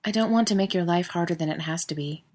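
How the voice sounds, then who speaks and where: A woman reading the lines of a young adult man, soft, apologetic and eager. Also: lowish voice, quick pace, natural voice. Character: young adult man, gentle and anxious lover.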